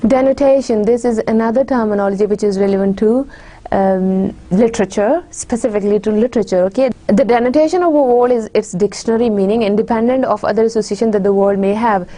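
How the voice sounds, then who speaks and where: A woman's voice: mid-range voice, dark tone. A woman giving a recorded English literature lecture, addressing her dear students often, with many fillers and restarts.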